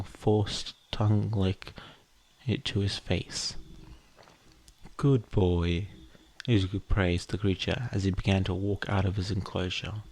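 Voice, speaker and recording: Male fiction narrator, slow and measured, low voice, dry close-miked booth. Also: a little mellow, dry recording. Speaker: podfic reader. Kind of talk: scripted narration.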